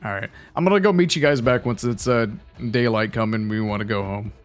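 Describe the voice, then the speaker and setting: A man's voice: lowish voice, brisk, faint music behind. Chatty young man rambling over gameplay. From United States. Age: 20s. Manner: rambling, chatty, self-mocking. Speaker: gaming YouTuber. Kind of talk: casual let's-play commentary.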